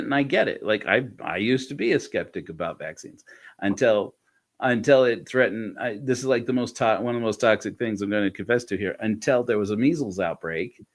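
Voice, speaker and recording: A middle-aged man hosting a podcast, telling a story in a loose, rambling way, acting out the dialogue and chuckling often. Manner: animated, reenacts dialogue with jumps in pitch. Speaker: podcast host. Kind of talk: casual storytelling chat.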